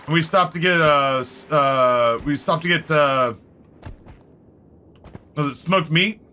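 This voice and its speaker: This Canadian gamer speaks slowly in a voice on the high side, with a little hiss or hum on the recording. He rambles through casual stories while playing, swearing freely and acting out quoted voices over faint background music.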